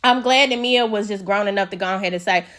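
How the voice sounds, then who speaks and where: A woman's voice: medium pitch, fast talker, fairly bright tone. A woman giving a blunt, opinionated and sassy recap of a reality TV show in casual slang.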